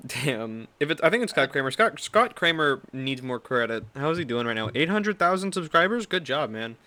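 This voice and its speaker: A young man hosts a casual podcast, his voice sitting a bit high for a man. He rambles, swears, and corrects himself mid-sentence. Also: very animated, normal speed, pushed and bright. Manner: rambling, crude, self-correcting. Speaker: podcast host.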